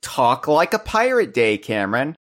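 A man's voice: mid-range voice, sing-song, normal speed, fairly bright tone. A man hosting a podcast interview, playful and jokey in a casual chat. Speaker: podcast host.

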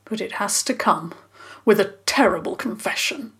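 A woman's voice: mid-range voice, expressive, moderate pace, a bit bright, slightly rough, exaggerated voice. A woman voicing a flustered, guilty middle-aged man who splutters and sighs as he confesses, in a children's story. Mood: guilt-ridden. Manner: spluttering, apologetic, sighing.

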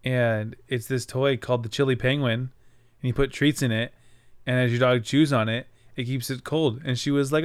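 A man's voice: medium pitch, steady tone, moderate pace, clean tone. Tired, laid-back podcast host man. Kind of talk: casual chat.

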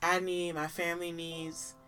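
A woman co-hosting a podcast, talking in casual chat with unhurried, thoughtful phrasing. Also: lowish voice, little pitch movement, bright, forceful tone, faint music behind. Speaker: podcast co-host.

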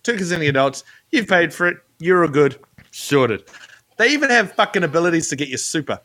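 A man co-hosting a casual podcast with a rather high voice that bounces around a lot. He rants and jokes, swearing freely. His tone is bright and forward. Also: sing-song, brisk. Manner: profane ranting, jokey. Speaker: podcast co-host.

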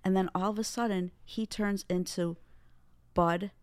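A woman co-hosting a casual movie podcast, chatty and quick to laugh. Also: mid-range voice, steady tone, darkish tone, clear, resonant tone, dry recording. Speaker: podcast co-host. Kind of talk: casual chat.

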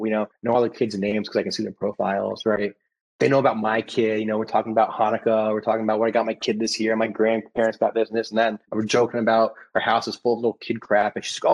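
Man, 30s, founder in casual interview; husky low voice, lively with quoted asides. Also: fast talker, low-quality recording. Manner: animated, acts out quoted customers with restarts. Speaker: startup founder.

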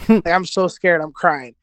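Earnest rambling man, higher voice. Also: expressive, unhurried, a bit bright, no room sound. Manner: earnest, rambling with many restarts. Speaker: podcast guest, jiu-jitsu competitor. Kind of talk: casual interview storytelling.

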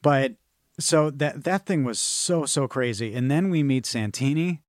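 A man chatting on a movie podcast, swearing freely and rambling with excitement. His voice sits at an ordinary middle pitch and sounds dry and close, with no room around it. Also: a little slow, dry recording. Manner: loose, profane, rambling enthusiasm. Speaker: podcast co-host. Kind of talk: casual movie podcast chat.

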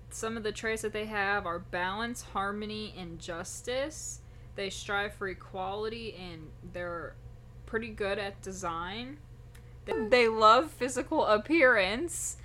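A young woman co-hosting a casual podcast, playful and quick to laugh. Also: mid-range voice, bright, forceful tone, slight background noise. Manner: giggly, playful, laughs often. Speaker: podcast co-host. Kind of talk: casual chat.

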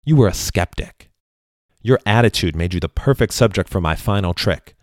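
A man's voice: sits low, animated, moderate pace, no room sound, studio quality. A man voicing a proud, grandiose male stage magician in a spoken story. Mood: boastful. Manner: grandiose, self-congratulating, apologetic when explaining.

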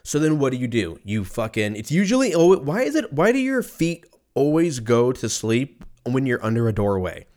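A man's voice: medium pitch, wildly swooping pitch, moderate pace, hardly any pauses, darkish tone. Profane rambling male podcast host. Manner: profane, rambling, self-mocking. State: in pain from a stubbed toe. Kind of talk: casual comedic monologue.

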